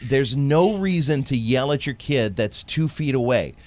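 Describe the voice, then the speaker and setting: A man's voice: medium pitch, unhurried. A man in his thirties co-hosting a casual podcast, telling stories with plenty of swearing. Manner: profane, animated storytelling. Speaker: podcast co-host. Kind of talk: casual chat.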